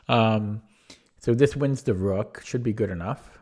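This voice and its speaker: A man streaming chess puzzles, thinking aloud with a husky, strained voice, often correcting himself. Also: mid-range voice, a little mellow. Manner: muttering, self-correcting, quick laughs.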